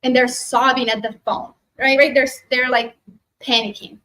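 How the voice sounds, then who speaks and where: A woman giving a spiritual workshop talk to a live group, animated, acting out quoted voices and often checking in with "right?", then leading a guided meditation. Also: sits high, moderate pace, rough recording. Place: expo workshop room.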